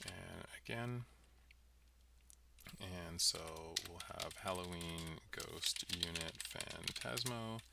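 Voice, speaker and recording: A man's voice: low voice, gravelly, background noise. A man developing a game on a livestream, thinking aloud with many ums and let's sees as he works. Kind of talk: livestream coding walkthrough. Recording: distant mic with loud keyboard typing. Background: keyboard typing and mouse clicks.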